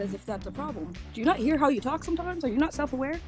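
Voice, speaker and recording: Fast, insistent woman arguing on a live stream, music underneath. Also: high-pitched, expressive, darkish tone. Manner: persistent, rapid questioning. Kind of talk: heated online argument.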